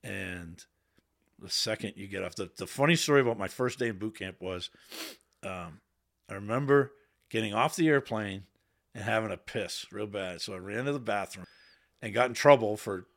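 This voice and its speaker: Male podcast guest, lowish voice, candid and salty storyteller. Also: normal speed, fairly bright tone. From Boston area. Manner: candid, swears freely, quotes himself in raised voice. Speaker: podcast guest, Navy veteran. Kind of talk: casual storytelling. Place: podcast studio.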